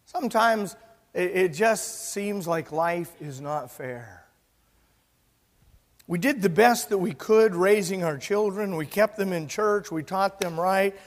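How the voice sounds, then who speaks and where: High-voiced preacher in his sixties. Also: slow pace. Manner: emphatic preaching, loud and soft by turns. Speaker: pastor. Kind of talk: sermon. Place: church sanctuary. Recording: long church reverb.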